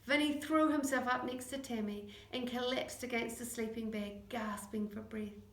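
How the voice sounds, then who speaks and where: A woman narrating a children's chapter book, acting out the dialogue in lively voices. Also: fairly high pitch, moderate pace, hardly any pauses. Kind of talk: audiobook reading. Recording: echoey room.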